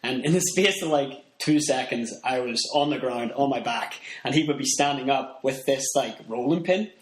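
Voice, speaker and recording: A man's voice: mid-range voice, normal speed. A Northern Irish man chatting casually as a podcast guest, rambling with lots of fillers and restarts. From Ireland. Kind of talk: casual chat. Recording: roomy echo, faint background noise.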